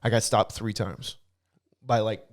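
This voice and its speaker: A man in his thirties, a police officer guest, telling stories in casual chat, animated and laughing, acting out what people said. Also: lowish voice, measured pace. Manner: animated, laughing, acts out quoted voices.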